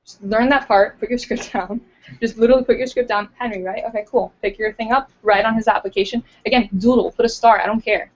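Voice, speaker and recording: A recruiter with a slightly high, steady voice talks fast as she coaches a small group, casual and chatty and full of fillers. She acts out interview lines along the way, heard on a dull lo-fi recording.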